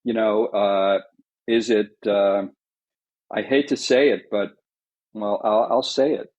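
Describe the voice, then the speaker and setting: A man's voice: fairly low pitch, steady tone, slow pace, darkish tone, low-quality recording. A man with a New York accent chatting on a podcast as an editor, opinionated and full of fillers and restarts. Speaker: executive editor and interviewer. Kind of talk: casual podcast chat.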